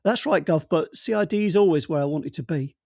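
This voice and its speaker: A shy young detective eager to please, read by a man in an audiobook. He speaks politely and falters when unsure, in a fairly high voice. The recording is dry and close. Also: brisk, a little mellow, dry recording, lightly acted. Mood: polite, hesitant. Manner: polite and hesitant.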